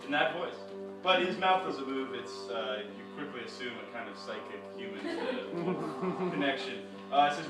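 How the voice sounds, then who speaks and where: A man's voice: mid-range voice, expressive, normal speed. A man narrating an interactive story to a live audience in a rambling, playful way, full of fillers, restarts and joking asides. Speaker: storyteller and comics reader. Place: live performance venue. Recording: echoey room from a distance with music.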